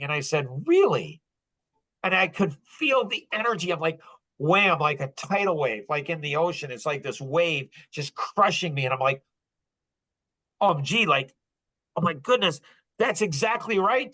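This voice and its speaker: A man hosting a business podcast, telling a story in casual talk, animated and laughing often as he acts out dialogue. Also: on the high side, normal speed, rough recording. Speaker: podcast host.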